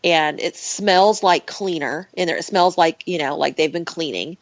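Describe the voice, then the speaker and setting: A woman with a lower-pitched voice tells a personal story as a podcast guest. She is animated and emotional and laughs often as she goes. The sound is dry and close, with a slightly dull, muffled tone. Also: normal speed, no room sound.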